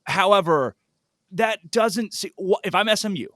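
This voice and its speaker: Joking higher-voiced man, dry sound. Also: moderate pace, no room sound. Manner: jokey, riffing, animated asides. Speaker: podcast co-host. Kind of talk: casual sports chat.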